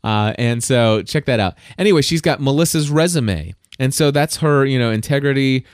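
A male podcast host talks on his own in a loose, rambling way, restarting his sentences and repeating words as he gets excited about a story. His voice sits at a middling pitch. The recording is dry, with little room sound. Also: normal speed, clear, resonant tone, no room sound. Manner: enthusiastic, animated when telling stories. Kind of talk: casual solo podcast monologue.

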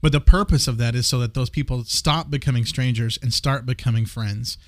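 A man's voice: mid-range voice, fairly even intonation, brisk, dry recording, clean studio sound. A man in casual conversation, speaking with passion and emphasis, often repeating words as he builds a point. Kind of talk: casual faith discussion.

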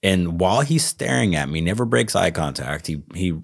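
A man with a Texas accent, co-hosting a podcast and telling a story in a casual, animated way, acting out the lines he quotes. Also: low-pitched, moderate pace, creaky. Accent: Texan. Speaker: podcast co-host.

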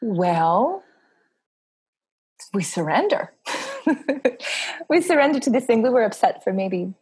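A woman's voice: mid-range voice, very animated, a little slow, a little mellow, slightly rough, no room sound, rough recording. A woman in her thirties talks candidly as a podcast guest, with a mid-range voice. She laughs easily between phrases. The recording is dry and close, with no room sound. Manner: open and frank, laughs often between phrases. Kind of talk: candid casual interview chat.

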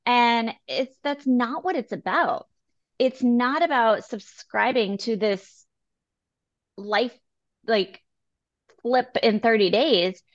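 A woman's voice: fairly high pitch, lo-fi sound. Earnest woman podcast co-host. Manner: earnest, encouraging, quotes people in quick asides. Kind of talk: casual health podcast chat.

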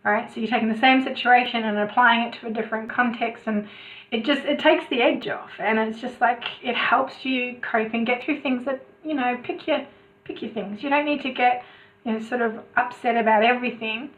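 A woman's voice: on the high side, a little fast. Chatty woman on a tinny line. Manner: chatty, many restarts, animated asides. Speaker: podcast guest, coach. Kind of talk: casual interview chat. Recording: tinny phone-like remote call.

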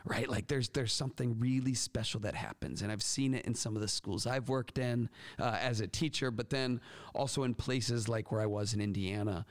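Energetic man hosting a podcast. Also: mid-range voice, moderate pace. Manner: energetic, chatty with frequent restarts. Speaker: podcast host. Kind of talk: casual podcast talk.

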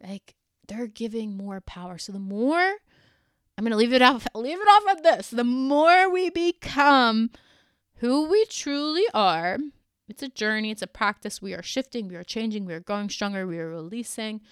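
A woman's voice: mid-range voice, expressive, moderate pace, a bit bright, clean tone, no echo, clean studio sound. A woman hosting a solo podcast episode, speaking to listeners in an earnest, emotional, encouraging way. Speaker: podcast host and energy coach.

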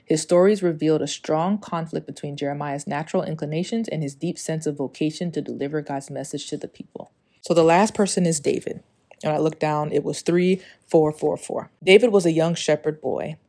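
A woman's voice: sits low, a little fast, mellow. A woman hosting a solo spiritual podcast, reading a passage and then talking earnestly and confessionally, with many "like" fillers. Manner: reads a passage, then speaks off the cuff. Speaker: podcast host.

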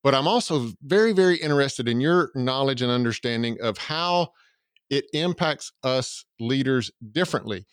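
A man's voice: mid-range voice, lively intonation, normal speed, smooth, no room sound, studio quality. A man with a Southern US accent from Georgia hosting a podcast, enthusiastic and promotional, with lots of fillers. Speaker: podcast host. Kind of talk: podcast interview.

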